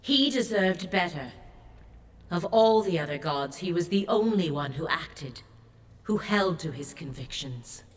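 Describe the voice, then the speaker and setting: A deep-voiced stern sea goddess. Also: female voice, animated. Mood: sorrowful. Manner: solemn, measured, commanding. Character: grave ancient sea goddess, stern and sorrowful. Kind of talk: game voice acting.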